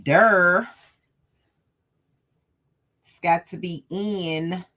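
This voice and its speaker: This sewing tutorial host speaks very slowly, her voice on the low side with a fairly bright tone. She's running a casual livestream sewing lesson, chatting with her live chat and laughing often.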